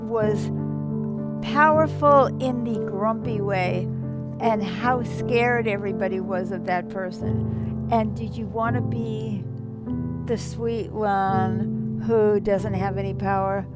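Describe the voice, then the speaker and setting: A woman's voice: medium pitch, slow, loud music behind the voice. An older woman, a counselor, hosting a casual live-stream talk and acting out quoted voices with feeling. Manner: animated, acts out quoted voices. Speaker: counselor and show host.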